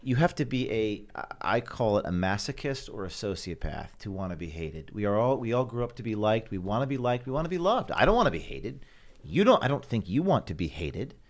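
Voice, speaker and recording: A man's voice: fairly low pitch, very animated, brisk. A man in his thirties talking as a guest on a panel discussion, repeating words as he searches for his phrasing. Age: 30s. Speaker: guest journalist.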